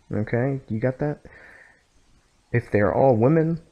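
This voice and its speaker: A man's voice: mid-range voice, slow pace, vocal fry, long pauses, mellow. A man from the United States, explaining a language lesson over a screen recording, full of fillers and "okay?" checks. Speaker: language teacher.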